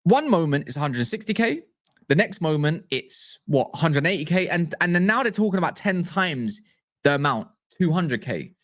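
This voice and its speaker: A man's voice: a little high, big pitch swings, moderate pace, a bit bright. A man hosting a football channel, talking casually to camera in a rambling way with exasperated rhetorical questions.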